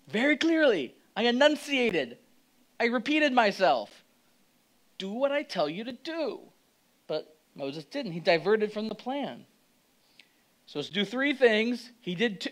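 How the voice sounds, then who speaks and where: A male pastor giving a conversational, animated sermon, acting out quotes as he goes. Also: high voice, moderate pace, rough recording.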